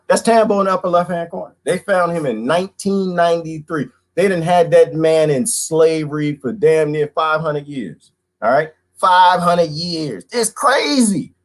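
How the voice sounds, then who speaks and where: A man hosting a casual livestream, ranting animatedly, laughing often and greeting viewers by name. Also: medium pitch. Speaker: livestream host.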